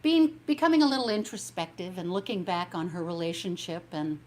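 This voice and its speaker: A woman's voice: fairly low pitch, a little fast. A woman singer hosting her own concert, chatting casually and a little meanderingly between songs, thanking viewers as she goes. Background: piano music.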